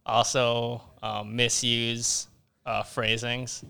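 A man's voice: mid-range voice, little pitch movement, very slow, creaky, sharp tone, clean tone. A man co-hosting a podcast in casual chat, dry and teasing as he corrects his co-host.

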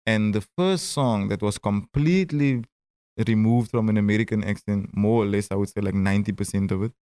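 A man's voice: fairly low pitch, mellow, clear, resonant tone, no room sound. A man in his thirties with a Cape Town South African accent, a rapper telling stories in a casual interview, often stammering and restarting. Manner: stammering restarts, quick asides and laughs. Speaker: rapper and guest.

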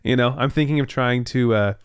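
Young man, podcast host, playful rambling chat, smooth clear voice, dry close sound. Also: mid-range voice, brisk, no room sound. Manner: playful, rambling, laughs often. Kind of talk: casual chat.

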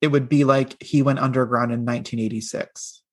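A man's voice: mid-range voice, brisk. A man in his thirties with a New England accent, co-hosting a podcast in casual chat and often calling out to listeners. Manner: animated, addresses listeners as guys. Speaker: podcast co-host.

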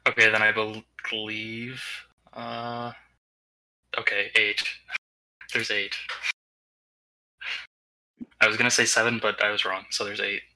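A man's voice: lowish voice, completely flat delivery, takes it slowly, long pauses, pushed and bright, low-quality recording. A man playing in a tabletop role-play, answering in character in a hesitant, unsure way. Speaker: player.

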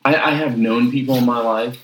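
A man's voice: medium pitch, fairly even intonation, a little fast. A man, a pastor co-hosting a podcast, chatting casually with dry, teasing banter. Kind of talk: casual chat. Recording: roomy echo.

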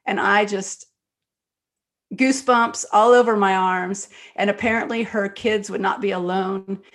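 A woman guest, an author and screenwriter, talking in an interview and telling stories quickly and animatedly, with many fillers. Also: medium pitch, fairly even intonation, fairly bright tone. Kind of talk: conversational interview storytelling.

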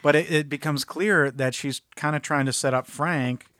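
A man's voice: on the high side, steady tone, normal speed, pushed and bright, no room sound, studio quality. A man co-hosting a podcast, chatting casually about a film in a rambling, jokey way. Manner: rambling, jokey, self-interrupting. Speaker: podcast co-host.

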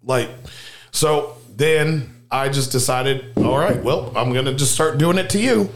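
A man's voice: medium pitch, unhurried. A man co-hosting a casual podcast, swearing freely and acting out quotes in a raised voice. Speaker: podcast co-host. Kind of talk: casual profane chat.

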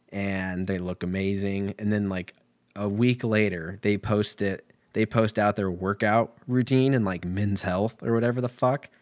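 A man ranting comically, swearing constantly, laughing often and drifting from tangent to tangent. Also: fairly low pitch. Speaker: comedian. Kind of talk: rambling comedic rant.

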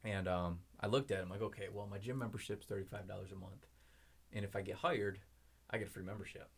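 Young adult male guest, low-pitched, quick, chatty storyteller. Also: fairly even intonation, breathy edge. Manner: rambling storytelling with many fillers. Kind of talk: casual podcast chat.

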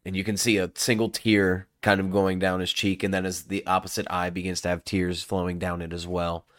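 A man's voice: deep voice, no echo. A man playing a tabletop role-playing game, describing his character's actions in a casual, hesitant way. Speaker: player.

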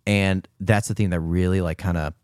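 A man's voice: low-pitched, fairly even intonation, moderate pace, clear, resonant tone, no room sound, clean studio sound. A man co-hosting a casual film podcast, talking in hesitant, meandering stretches. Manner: hesitant, full of "like" fillers. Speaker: podcast co-host.

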